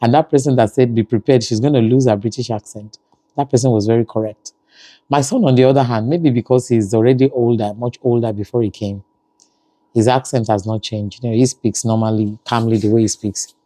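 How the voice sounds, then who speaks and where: A man's voice: medium pitch, steady tone, fairly quick, warm tone, dry recording. A man with a Nigerian accent, talking casually in a family vlog and often saying "you know". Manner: conversational, frequent "you know" fillers. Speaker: family vlogger.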